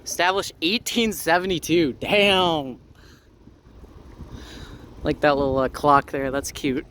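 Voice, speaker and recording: A man's voice: a little high, takes it slowly, a bit bright, slight background noise. A man vlogging outdoors while cycling through town, narrating casually with wry asides and plenty of "uh"s, recorded on a bike-mounted camera. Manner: rambling, wry asides, frequent "uh". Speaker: transit vlogger.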